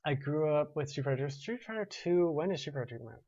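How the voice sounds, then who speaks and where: A man's voice: fairly high pitch, lively intonation, fast talker, a little mellow, no room sound, lo-fi sound. A man in his twenties hosting a gaming show, chatting casually and rambling with restarts while reading viewer comments. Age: 20s.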